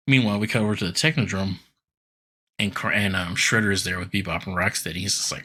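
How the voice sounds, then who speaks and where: A man's voice: sits low, steady tone, brisk, bright, forceful tone, husky. A man co-hosting a podcast, recapping a cartoon episode in loose, laughing casual chat full of fillers. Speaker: podcast co-host.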